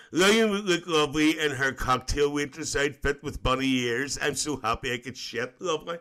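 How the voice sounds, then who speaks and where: A man's voice: on the high side, pushed and bright. A man playing a cheeky auntie figure on a comedy live stream, reading comments with risqué jokes and squealed exclamations. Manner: giggly and risqué, squealing "lovely". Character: bawdy cheeky auntie woman, gossiping and giggling.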